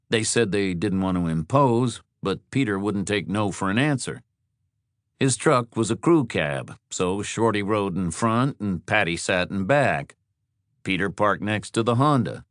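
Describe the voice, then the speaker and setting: A man narrating an audiobook thriller in a measured, descriptive storytelling style. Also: on the low side, animated, a bit bright, dry recording, studio quality. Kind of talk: scripted narration.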